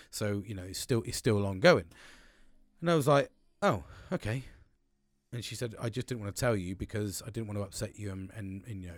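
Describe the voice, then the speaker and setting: A man's voice: medium pitch, no room sound, studio quality. A man talking alone on his podcast in a casual, rambling way, swearing often and restarting his sentences. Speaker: podcast host. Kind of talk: casual personal monologue.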